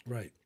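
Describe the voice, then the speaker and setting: A middle-aged man from Britain hosting a live question-and-answer chat, blunt and opinionated, rambling with restarts as he answers viewers.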